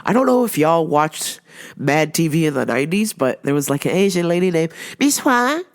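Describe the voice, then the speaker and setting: A woman's voice: low voice, normal speed. A woman who works in a store, bluntly and sarcastically telling stories about her customers in a casual vlog. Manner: animated, laughing, blunt and sarcastic.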